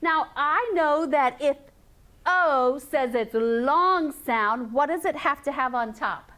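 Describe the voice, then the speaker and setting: Woman teacher, high voice, slow and encouraging delivery, phonics to small kids in a classroom. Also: expressive, a bit bright. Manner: slow, sing-song, encouraging, repeats sounds and rules. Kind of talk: phonics lesson to young students.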